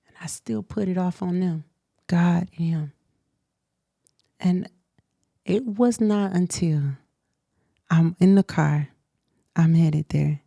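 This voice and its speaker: A woman in her thirties from the United States, candidly telling a personal story in a relaxed chat, quiet and reflective. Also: fairly low pitch, takes it slowly, creaky, long pauses. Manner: animated retelling with acted quotes, then quiet and reflective. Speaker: guest.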